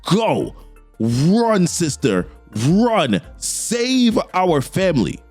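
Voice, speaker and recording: A man's voice: high-pitched, wildly swooping pitch, very slow, darkish tone, soft background music, full character voice. A man voicing a hulking, stern male soldier who speaks formally while reading a comic aloud.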